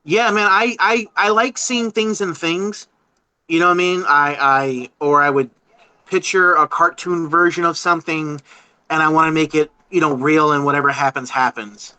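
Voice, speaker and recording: A man chatting as a guest on a podcast, rambling and halting, restarting his sentences often. His voice sits a bit high and bright, recorded dry and close. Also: fairly even intonation, smooth, dry recording, rough recording. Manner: halting, rambling, many restarts and "you know". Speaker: podcast guest, horror artist. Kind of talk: casual interview chat.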